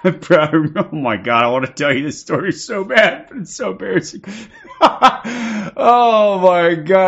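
A man's voice: on the high side, a bit bright. Rambling, profane male livestreamer. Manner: rambling, profane, laughs often. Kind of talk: casual storytelling to a live chat. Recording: dull lo-fi stream audio with faint crowd.

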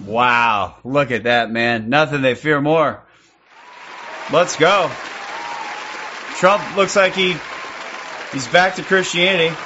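A man streaming and reacting to clips, sarcastic and profane, working himself into excited outbursts. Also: on the high side, slow, long pauses, lo-fi sound, a faint crowd, a little hiss or hum. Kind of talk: mocking commentary.

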